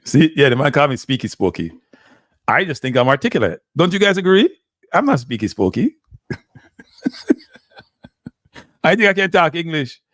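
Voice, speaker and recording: A man's voice: fairly high pitch, sing-song, a little fast, fairly bright tone, no echo, studio quality. A man with a Jamaican accent hosting a live stream, talking casually and switching between standard English and patois. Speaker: live show host.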